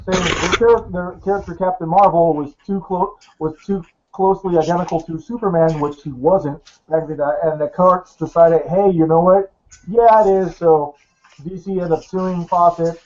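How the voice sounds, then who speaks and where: A man co-hosting a podcast in casual chat, hesitant with many fillers and some swearing. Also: fairly high pitch. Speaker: podcast co-host. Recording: dull lo-fi podcast audio.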